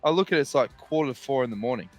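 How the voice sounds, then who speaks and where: A man's voice: mid-range voice, animated, racing, faint music behind. A man telling a story in casual podcast chat, swearing freely. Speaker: podcast co-host.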